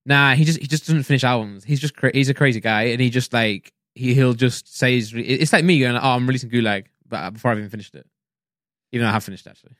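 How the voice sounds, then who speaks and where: Fast-talking rambling man. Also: mid-range voice, a bit bright, no room sound, studio quality. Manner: fast rambling talk with many likes and restarts. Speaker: podcast co-host. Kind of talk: casual chat.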